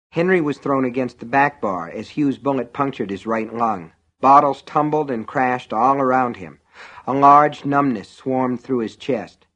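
A man narrates a thriller audiobook at a steady, measured pace. His voice sits in an ordinary middle pitch for a man, and he tells the story vividly. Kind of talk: scripted narration.

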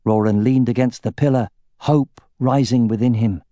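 A male audiobook narrator reading fantasy prose with measured, steady pacing. His voice sits in a mid range and sounds warm and mellow. The recording is dry and close. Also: medium pitch, no room sound.

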